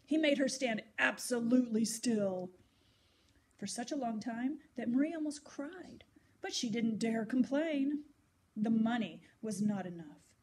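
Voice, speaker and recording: A woman reading a children's story aloud, gentle and expressive. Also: a little high, measured pace, breathy edge.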